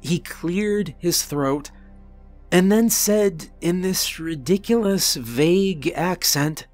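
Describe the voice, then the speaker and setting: A man narrating a first-person horror story in a deliberate, earnest manner with dramatic pauses. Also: high-pitched, a little mellow, no room sound, faint music behind.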